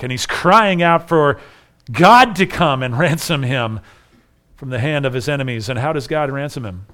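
Man preaching a sermon in a clear voice. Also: medium pitch, normal speed, pushed and bright. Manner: expository preaching, reading scripture aloud, rising to emphatic declarations.

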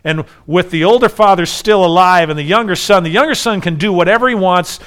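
A man's voice: sits high, a bit bright, clean tone. A man preaching an earnest expository sermon, acting out the voices in a parable as he explains it. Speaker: pastor.

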